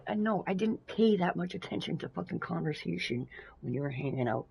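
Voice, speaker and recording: A Canadian woman streaming a game live, chatting casually, swearing freely and breaking into loud playful outbursts. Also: lowish voice, animated, brisk, gravelly, a little hiss or hum, rough recording. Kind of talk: casual live-stream chat while gaming.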